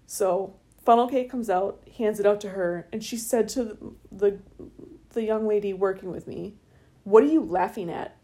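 A middle-aged woman co-hosting a podcast, chatting casually and telling stories with lively acted-out voices. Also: mid-range voice, moderate pace. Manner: animated storytelling, acts out voices. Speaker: podcast co-host. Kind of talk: casual chat.

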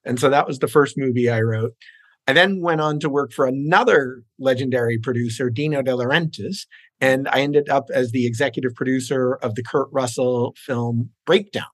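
A man's voice: medium pitch, normal speed, dry recording. A middle-aged man chats easily as a screenwriter guest, joking at his own expense and using plenty of fillers. His voice sits in a middle range. The sound is dry and close. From New York, raised in New Jersey. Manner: genial, self-deprecating, with frequent uh fillers. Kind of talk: casual interview.

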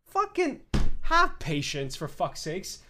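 A man's voice: sits high, sing-song, normal speed, slight background noise. A young man hosting a podcast, ranting bluntly with lots of swearing and mocking other fans in quoted voices. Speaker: podcast host. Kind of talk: opinionated podcast rant.

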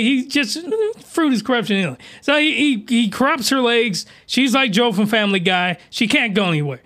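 Male podcast host, animated, crude, high-pitched, bright tone. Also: moderate pace, hardly any pauses. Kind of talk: reaction commentary.

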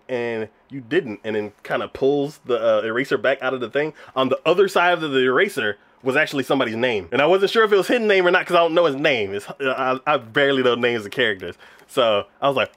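Animated, laughing man retelling a show. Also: medium pitch, quick pace. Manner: animated, laughs often, many fillers like "um" and "like". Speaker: podcast co-host reviewing anime. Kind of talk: casual chat.

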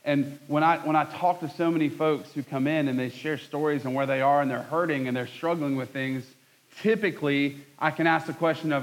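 A man in his thirties preaching a conversational sermon, joking at his own expense with lively asides. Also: on the high side, fast, low-quality recording. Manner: conversational, self-deprecating, animated asides. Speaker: pastor.

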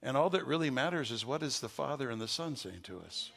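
Gravelly older male pastor preaching. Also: mid-range voice, lively intonation, quick pace, a bit bright, big-room sound. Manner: folksy storytelling, rising to fervent preaching. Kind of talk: sermon.

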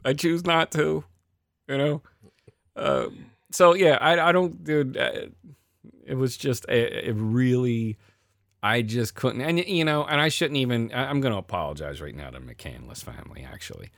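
A man telling a profane story in casual chat, animated, his voice swinging between loud outbursts and quiet asides. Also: mid-range voice, normal speed, gravelly, dry recording, studio quality.

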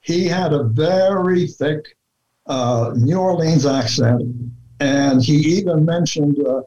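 A man talking through his research in a relaxed interview, deliberate and full of fillers and restarts. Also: a little high. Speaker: researcher guest. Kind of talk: conversational interview talk. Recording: dull lo-fi sound.

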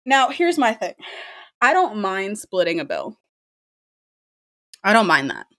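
A young woman telling a story about a date in a casual monologue, lively and profane, laughing often. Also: mid-range voice, unhurried. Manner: animated, swears freely, laughs often.

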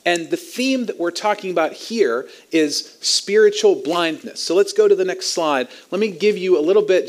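A man preaching a sermon as pastor, teaching in an animated way with light chuckles. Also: fairly high pitch.

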